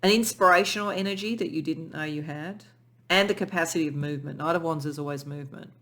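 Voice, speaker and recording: A tarot reader giving a pick-a-pile reading in an emotional, soft, spiritual way, often restarting sentences and at times near tears. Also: mid-range voice, fast talker. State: tearful.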